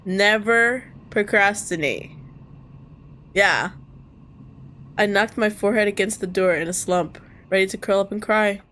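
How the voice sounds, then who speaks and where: A woman streamer reading a visual novel aloud. She switches between calm narration and loud, laughing, cursing reactions. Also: mid-range voice, unhurried, pauses often, a little hiss or hum. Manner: expressive, jumps from calm reading to squealing and laughing; casual and cursing in asides. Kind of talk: reading game text aloud with live reactions.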